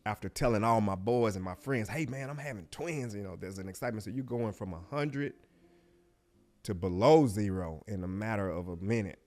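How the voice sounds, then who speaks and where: A middle-aged man, a guest on an interview show, telling a personal story in a reflective, heartfelt way that often drops to a hush and halts. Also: on the low side, brisk.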